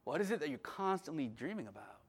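Man preaching, high voice, very lively pitch, impassioned sermon. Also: quick pace, slightly rough. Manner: passionate preaching that swings from shouting to calm. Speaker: pastor.

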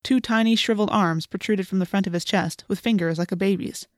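A woman narrating an audiobook in a steady, clear storytelling manner. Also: medium pitch, a little fast, dry recording, clean studio sound. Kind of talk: scripted narration.

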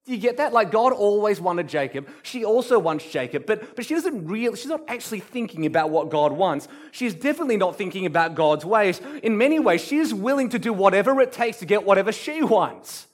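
A man preaching a sermon, animated, acting out quotes and dropping to soft emphasis. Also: sits high, brisk, hardly any pauses. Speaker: pastor.

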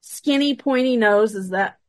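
A woman paranormal investigator, a guest on an interview show, telling a story from an investigation in a casual, animated way and acting out the dialogue. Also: fairly high pitch, a little slow, dry recording.

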